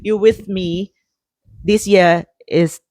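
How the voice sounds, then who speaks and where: Thai-accented woman, native Thai speaker, unhurried soft podcast co-host, dry close sound. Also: medium pitch, fairly even intonation, no room sound. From Thailand. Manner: halting, searching for words, soft. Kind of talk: casual chat.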